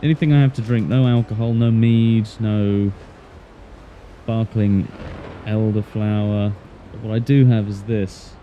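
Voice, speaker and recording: A man's voice: lowish voice, steady tone, measured pace, dull audio, a little hiss or hum. A man streaming a game with casual, playful, self-mocking chat in a put-on Australian accent. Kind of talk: casual gameplay commentary.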